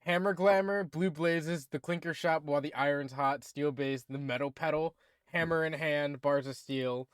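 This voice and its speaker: A man's voice: on the high side, fairly even intonation, normal speed, smooth, dry recording, studio quality. A man narrating a tabletop game as game master, often hesitating with ums.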